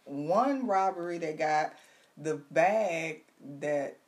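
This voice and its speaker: A woman co-hosting a casual chat, animated and teasing, recapping gossip and news with loud laughs. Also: sits low, slow. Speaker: podcast co-host.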